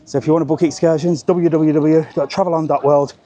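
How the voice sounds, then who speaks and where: A man's voice: a little high, fairly even intonation, quick pace, dark tone. Chatty Birmingham man vlogging outdoors. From Birmingham, England. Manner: chatty, cheerful, informal slang. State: out of breath. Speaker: travel vlogger. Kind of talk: live walking vlog. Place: outdoors on a hillside street.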